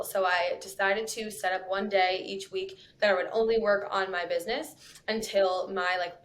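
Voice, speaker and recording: Chatty woman, podcast guest. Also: mid-range voice. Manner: chatty, laughs often, lots of "you know" and "like". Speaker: copywriter guest. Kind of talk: casual podcast chat.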